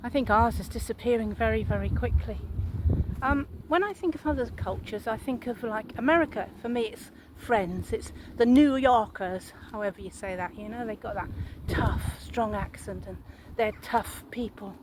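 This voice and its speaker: A woman's voice: a little high, moderate pace, background noise. Chatty woman vlogging. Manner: chatty and rambling, asks viewers questions. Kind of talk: casual monologue to viewers.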